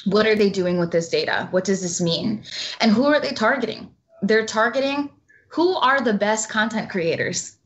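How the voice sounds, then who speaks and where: A woman's voice: mid-range voice, expressive, moderate pace, highs cut off. A woman guest talking bluntly and passionately in a casual interview, swearing freely.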